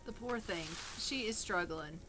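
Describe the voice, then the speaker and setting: A woman's voice: on the low side, a little slow, a crowd in the background. A woman streaming a life-sim game, chatting casually with her viewers and her sims.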